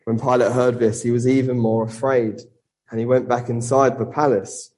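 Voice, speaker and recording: A man preaching a sermon and reading a Bible passage, earnest, with rhetorical questions and slowing down for emphasis. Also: mid-range voice, level tone, darkish tone, poor audio.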